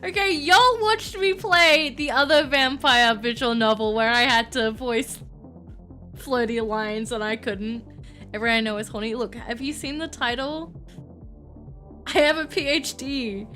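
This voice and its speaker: A giggly young woman streaming a visual novel, rambling and poking fun at herself between game lines. Her voice sits slightly high, with faint game music behind her. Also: measured pace, bright, forceful tone. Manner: giggly, self-deprecating, rambling. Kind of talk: casual gaming commentary.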